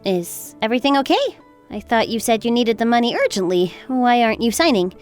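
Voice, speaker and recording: A woman's voice: fairly high pitch, animated, a little fast, faint music behind, lightly acted. A woman playing a calculating young wife in a texting-story drama, sweetly polite yet cutting. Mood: sweetly businesslike. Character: cool, calculating young wife getting even. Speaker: daughter-in-law.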